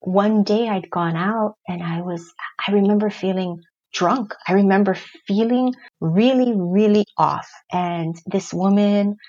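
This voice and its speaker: A woman's voice: mid-range voice, a little slow, darkish tone. A middle-aged woman, a guest, openly telling a personal story in an interview, earnest and reflective. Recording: dull lo-fi sound.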